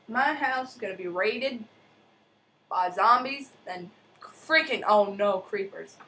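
A young woman's bright, slightly high voice rambles through casual gameplay commentary. She talks at a slow, unhurried pace, yelps and mutters mild curses, and hums sing-song to herself. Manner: excitable, chatty, mild cursing, sing-song humming. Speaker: gamer.

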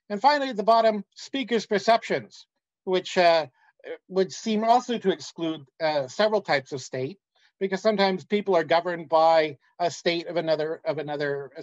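Man lecturing, dull lo-fi sound. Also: high-pitched. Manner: measured, with frequent "uh" pauses. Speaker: academic lecturer. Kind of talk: academic conference talk.

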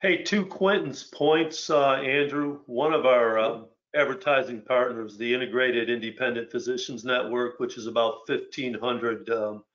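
A man on a webinar panel, speaking hesitantly with many pauses as a publisher. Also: medium pitch, fairly even intonation, fairly bright tone. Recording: dull video call audio.

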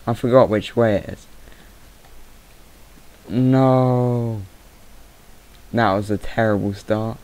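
A man's voice: on the low side, level tone, fairly quick, hardly any pauses, a little mellow, rough recording. A young man giving rambling let's play commentary, easily startled and chatting to the animals in the game. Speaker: gamer. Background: mouse clicking.

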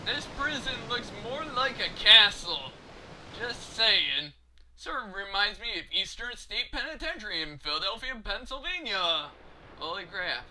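Bright, goofy gaming commentator man. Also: high voice, a little hiss or hum. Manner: jokey, goofy. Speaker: let's play host. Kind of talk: casual gameplay commentary.

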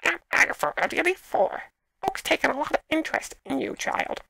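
A man voicing a cranky eighty-four-year-old woman trainer from a video game in a shrill, quavering old-lady voice. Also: sing-song, brisk, vocal fry, sharp tone, no room sound, heavily acted. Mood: scornful.

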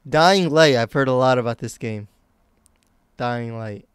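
A man's voice: mid-range voice, measured pace, clear, resonant tone, dry recording. A young man from the United States chatting casually while live-streaming games, rambling and self-mocking. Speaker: game streamer.

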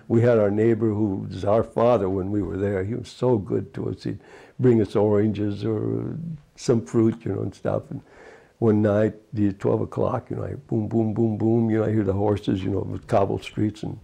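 An elderly man in his eighties tells his life story for an oral history interview, wandering from memory to memory. His voice sits low and gravelly with a dark, husky tone. He keeps dropping in little "you know" asides as he goes. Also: level tone, normal speed. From United States. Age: 80s. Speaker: retired fisherman recounting his life.

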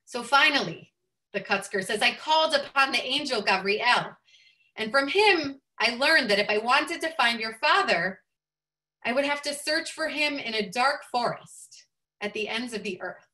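A woman rabbi telling a teaching story in an expressive way, lifting her voice for quoted speech. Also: a little high, moderate pace.

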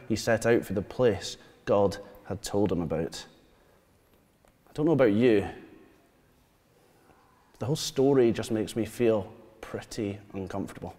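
A man, preaching a sermon. He tells stories and asks the congregation questions, dropping to quiet asides. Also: on the low side. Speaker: pastor. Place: church hall. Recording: long church reverb.

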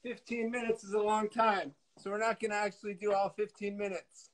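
High-voiced joking man on a video call. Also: flat delivery, fairly quick, a little hiss or hum, poor audio. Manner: joking, self-mocking, loud when leaning in. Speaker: guest cook. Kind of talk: casual live cooking chat.

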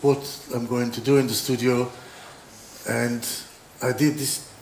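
A designer gives an opening talk in an exhibition hall, an informal lecture full of anecdotes, rambling with many restarts and dry humor. His mid-range, darkish voice shows little pitch movement and is a little slow. The roomy hall has faint ambience, plus a little hiss or hum.

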